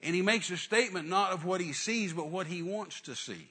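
A man preaches a sermon, dramatically retelling a story with acted-out voices and sudden loud rises. His voice sits high, moves a little fast, and has a breathy edge.

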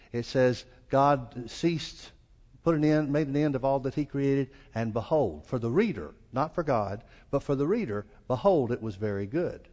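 A man with a Southern US accent preaching a sermon as pastor, folksy and acting out the quoted lines. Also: darkish tone. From American South. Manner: folksy, acts out quoted lines with rising pitch. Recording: long reverb of a church hall.

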